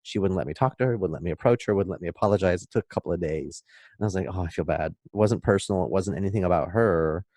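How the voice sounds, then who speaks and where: A man speaking as a podcast guest, explaining in an emphatic, animated way and acting out little scenes. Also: low-pitched, racing, no room sound, studio quality. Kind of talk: casual podcast talk, explaining.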